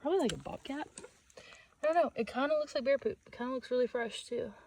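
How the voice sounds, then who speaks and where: A woman's voice: high-pitched, a little mellow, a little hiss or hum, low-quality recording. A woman vlogging solo on a wooded trail, chatty and rambling, out of breath as she hikes and talks into a handheld camera. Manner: chatty, rambling, quick to laugh. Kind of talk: casual vlog monologue.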